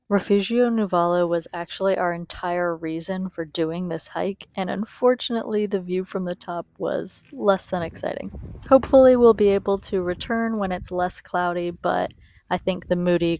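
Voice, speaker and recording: A young woman travel vlogger narrates her video in a chatty, enthusiastic voice-over, often speaking directly to her viewers. Her voice is a little low for a woman, with a darkish tone, and it is recorded close to the mic.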